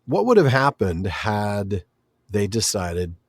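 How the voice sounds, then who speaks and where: A man's voice: lowish voice, no echo, studio quality. A man co-hosting a podcast in a casual book discussion, reading passages aloud and laughing easily. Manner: animated, reads passages aloud, quick to laugh. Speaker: podcast co-host.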